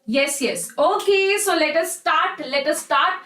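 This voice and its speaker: A woman's voice: sits high, a little slow, sharp tone, reverberant, slight background noise, poor audio. A young woman with an Indian English accent, teaching a live online chemistry class in a chatty, encouraging way. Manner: chatty and encouraging, addresses students as "bacha".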